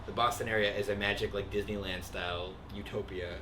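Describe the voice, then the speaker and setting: A man's voice: on the low side, level tone, fairly quick, noisy background. A man from the Midwest, a guest composer, joking around in casual livestream chat. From American Midwest. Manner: joking, playful.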